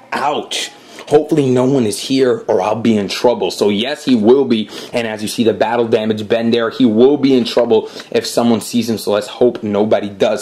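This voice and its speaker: A man with a mid-range voice talks viewers through a game, step by step. He keeps his commentary chatty and casual, with friendly asides and quick apologies for his mistakes. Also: medium pitch, darkish tone. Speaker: gameplay host.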